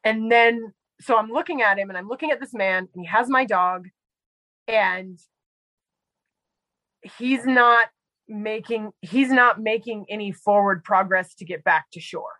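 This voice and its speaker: A woman on a podcast tells a story in a loose, chatty way, leaning on "like" and small fillers as she goes. Her voice sits at a middle pitch. The sound is dry and close, with no room echo. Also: measured pace, pushed and bright. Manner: chatty, heavy use of "like" and fillers. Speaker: podcast guest; medical provider. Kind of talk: casual storytelling.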